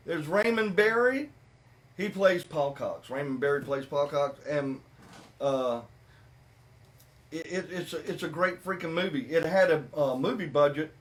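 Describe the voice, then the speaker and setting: A man hosting a podcast, chatting casually about a movie with animated, repetitive emphasis. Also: fairly high pitch, a little slow. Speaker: podcast host. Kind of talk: casual movie review chat.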